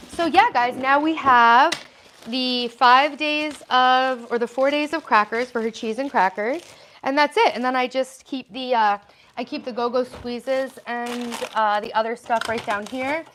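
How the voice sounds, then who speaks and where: A woman's voice: high-pitched, unhurried, fairly bright tone, slight background noise. A woman hosting a casual livestream from her home kitchen, chatting and reading out viewer comments as she answers them. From United States. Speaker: livestream host.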